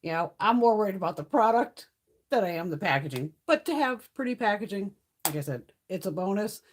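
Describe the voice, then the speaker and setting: Chatting with live viewers on her beauty stream, a middle-aged woman tells stories packed with swearing and laughter. She speaks briskly in a mid-range voice with lively intonation.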